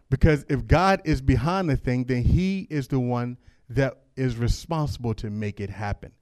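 A man preaching a sermon, talking casually with the congregation and reading scripture aloud, then rising to loud, fervent calls. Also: medium pitch, lively intonation, normal speed, few pauses, no room sound. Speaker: pastor.

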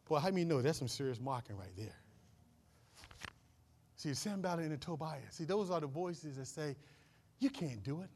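High, gravelly-voiced fervent preacher man. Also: lively intonation, moderate pace, pauses often, a little mellow, slight background noise. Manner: fervent, preacherly, repeats phrases, engages congregation. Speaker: pastor. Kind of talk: sermon.

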